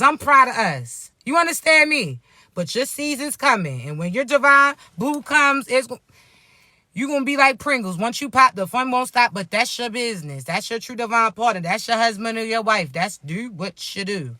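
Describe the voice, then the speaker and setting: A woman's voice: a little high, pushed and bright, dry recording, clean studio sound. A woman speaking as a spiritual coach in a casual motivational vlog, talking bluntly and cursing freely as she calls her listeners baby. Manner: blunt, profane, no sugarcoating.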